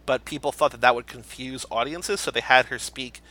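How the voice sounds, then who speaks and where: Animated, bright-voiced podcast host man. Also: mid-range voice, brisk. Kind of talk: casual movie podcast chat.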